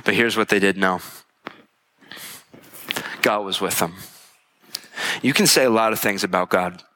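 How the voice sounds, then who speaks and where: A man preaching a sermon in an earnest, conversational way, voicing heartfelt prayers and dropping to a hushed tone for them. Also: lowish voice, a little slow. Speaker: pastor.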